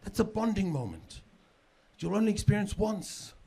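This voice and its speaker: This comedian speaks at normal speed in a high, sing-song voice that is mellow, slightly rough, and marked by vocal fry. He's a middle-aged man with a South African accent, chatting through a stand-up routine and repeating words to build his jokes before a laughing club crowd.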